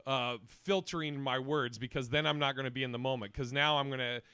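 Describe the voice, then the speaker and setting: A man hosting a casual comedy podcast, telling stories in an animated way, laughing and swearing. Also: medium pitch, brisk, smooth, no room sound, clean studio sound. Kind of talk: casual chat, storytelling.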